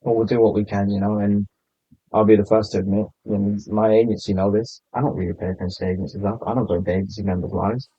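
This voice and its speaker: A man talks in an easy, unhurried way, his low and mellow voice giving the chat a relaxed feel. The recording is dry and a little muffled. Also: dry recording. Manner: laid back, low-key. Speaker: podcast guest, content creator. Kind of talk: casual podcast chat. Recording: slightly muffled lo-fi sound.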